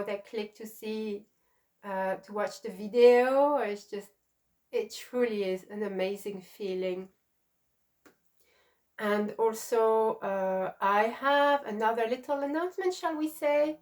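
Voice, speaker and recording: A middle-aged woman hosting a crochet channel, chatting casually and gushing with emotion as she gives shout outs. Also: on the high side. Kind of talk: casual vlog chat.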